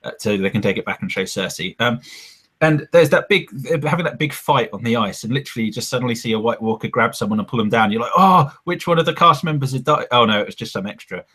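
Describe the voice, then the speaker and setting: A man's voice: on the low side, quick pace, fairly bright tone, slightly rough. A man co-hosting a podcast in casual chat, telling stories in a rambling, hesitant way. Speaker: podcast co-host.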